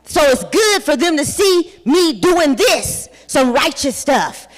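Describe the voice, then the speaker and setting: A woman, giving a loud, rowdy motivational talk on a conference stage, cussing and hyping the crowd. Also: high voice, big pitch swings, takes it slowly, faint music behind. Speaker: conference speaker. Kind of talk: hype-style motivational talk. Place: large conference hall with music playing. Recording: hall reverb, from a stage mic.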